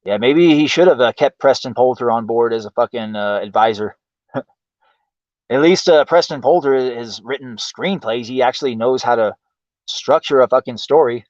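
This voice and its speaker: A man hosting a livestream rants in exasperation, swearing heavily and asking why repeatedly. His medium-pitched, slightly mellow voice moves at a moderate pace, and the dry recording from his home streaming mic sounds dull and lo-fi.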